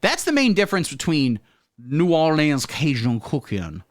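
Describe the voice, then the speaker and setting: A man hosting a profane satirical comedy monologue with deadpan absurd jokes. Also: a little high, normal speed, no room sound, studio quality. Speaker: comedy host.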